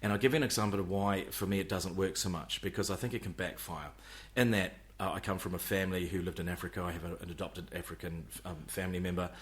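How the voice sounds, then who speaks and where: A man's voice: low-pitched, fairly even intonation, fast, hardly any pauses. A middle-aged man, a comedian talking passionately on a podcast, often repeating words as he starts. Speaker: stand-up comedian guest. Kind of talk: casual podcast conversation.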